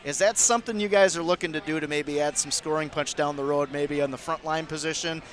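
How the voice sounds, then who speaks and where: A man's voice: on the high side, steady tone, fast. A man co-hosting a local sports show in a restaurant, asking long questions and teasing guests. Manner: joking, long wordy questions. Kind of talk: casual interview hosting.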